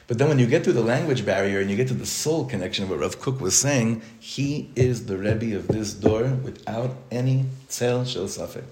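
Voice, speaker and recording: A man's voice: lowish voice, normal speed, few pauses, darkish tone. A man giving an informal Torah class to his congregation in a synagogue study hall. He talks conversationally, with restarts, joking asides and many Hebrew and Yiddish terms. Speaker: rabbi teaching his congregation. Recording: echoey room.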